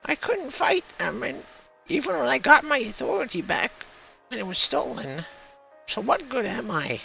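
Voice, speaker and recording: A man's voice: very high-pitched, very animated, moderate pace, creaky, bright, forceful tone, faint music behind, voice pushed up, full character voice, low-quality recording. A man voicing a frustrated, self-doubting young boy with a whiny way of speaking. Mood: dejected.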